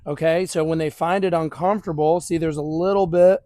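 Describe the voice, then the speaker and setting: A man with a fairly high voice talks viewers through a dog training drill outdoors, mixing calm explanation with quick praise for the dogs. The sound is dry and close, with little room around it. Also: dry recording. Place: outdoors near grass.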